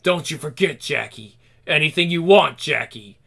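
A man voicing a deep, menacing male demonic spirit that speaks slowly and temptingly in a hush. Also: creaky. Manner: slow, hushed, tempting.

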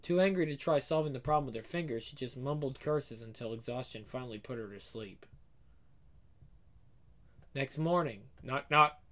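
A man tells a story in the second person, addressing the listener directly. His delivery is casual and conversational, at an ordinary pitch. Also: normal speed, long pauses. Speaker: narrator.

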